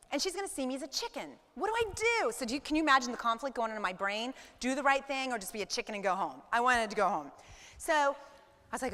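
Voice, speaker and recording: A woman in her forties giving a motivational talk to a live audience, telling stories in an animated way and acting out her own thoughts. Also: on the high side, fast, in a large hall. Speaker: business speaker.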